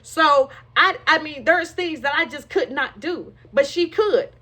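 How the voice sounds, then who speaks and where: A woman's voice: sits high, lively intonation, a little slow, pushed and bright. A woman frankly and emotionally telling her own life story, with rueful laughs along the way. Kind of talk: candid personal testimony.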